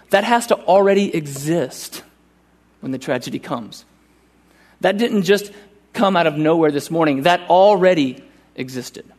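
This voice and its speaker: A man with a fairly high-pitched voice preaches a sermon at a church service, speaking with earnest urgency. When he reads scripture, he slows down and takes it deliberately.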